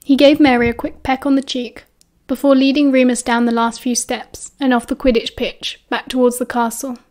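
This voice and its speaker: A woman with a British accent narrating an audiobook in a calm, even storytelling manner. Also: sits high, moderate pace.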